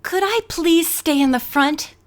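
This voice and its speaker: A woman's voice: high-pitched, measured pace, voice pushed up. A woman voicing a polite but pushy teenage girl model contestant. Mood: pleading. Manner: sweetly polite.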